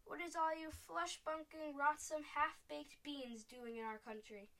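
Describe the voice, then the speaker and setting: A woman's voice: a little high, very fast, close to an everyday voice. A woman voicing a huge cruel male giant who bellows in garbled grammar. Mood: ranting.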